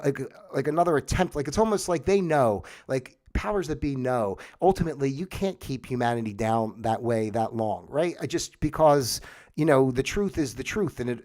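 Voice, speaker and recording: A middle-aged livestream host, medium-pitched with a darkish tone, rambles through a casual monologue packed with fillers and restarts. At one point he mocks a newscaster in a put-on solemn voice.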